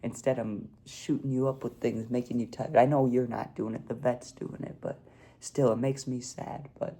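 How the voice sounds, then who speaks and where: A young man tells a story to his vlog audience in an easygoing way, tossing in "dude" and "like" as he goes. His voice is gravelly and dark, sitting at an ordinary pitch. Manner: laid-back, peppers talk with "dude" and "like". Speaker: vlogger.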